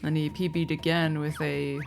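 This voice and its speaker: A woman's voice: low-pitched, little pitch movement, normal speed, vocal fry, music in the background. A woman doing casual live commentary on a race, chatty and rambling, laughing often and apologizing. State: sleepy, yawning.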